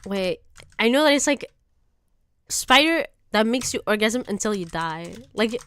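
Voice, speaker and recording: A woman streamer in casual reaction chat, profane and exaggerated, quick to laugh. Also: medium pitch, expressive, a bit bright, smooth, no echo.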